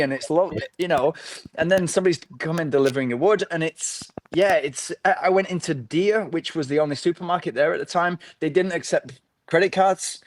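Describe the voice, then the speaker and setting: Fairly quick and fairly high-pitched, this man's voice comes with slight background noise. He's a middle-aged northern English ultra runner chatting casually as a podcast guest, and his story rambles along with plenty of restarts.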